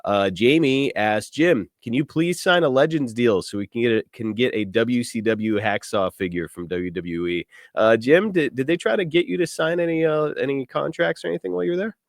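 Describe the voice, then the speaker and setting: A man's voice: mid-range voice, no room sound. Cheerful guy co-hosting a podcast, laughs easy, dead dry sound. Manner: upbeat, reads out listener questions, quick to laugh. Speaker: podcast co-host. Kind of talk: casual chat.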